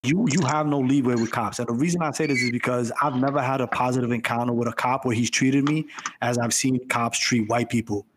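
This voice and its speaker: A man's voice: medium pitch, steady tone, a little fast. A man in a casual podcast chat, arguing his point emphatically and insistently. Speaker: podcast co-host.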